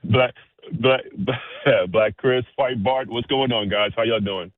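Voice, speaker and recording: A man calling in to a sports radio show, talking fast and excited in street slang over a phone line. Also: medium pitch, dry recording. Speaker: caller. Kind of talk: call-in sports talk.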